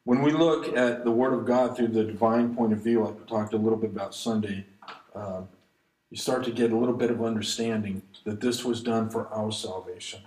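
A man preaching an expository sermon, reading scripture aloud and commenting on it, slowing down to stress key lines. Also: lowish voice, fairly even intonation, a little mellow. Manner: reads verses aloud then comments, slows for emphasis. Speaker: pastor. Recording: echoey room.

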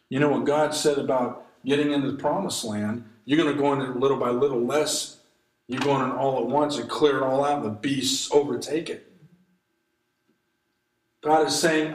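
A man's voice: medium pitch, steady tone, moderate pace, echoey room, rough recording. A man preaching an impassioned sermon, his delivery rising and falling as he reads scripture and exhorts.

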